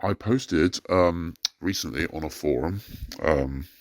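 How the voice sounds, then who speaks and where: Speaking slowly in a low-pitched voice, an anonymous man vents about family life in a recorded rant. He sounds distressed and frustrated, stumbling over fillers and breaking into agitated outbursts.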